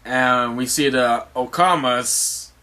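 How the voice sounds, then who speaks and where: A man's voice: mid-range voice, slow pace, pushed and bright. A man casually recapping a comic chapter as host, rambling with many fillers and restarts and some swearing.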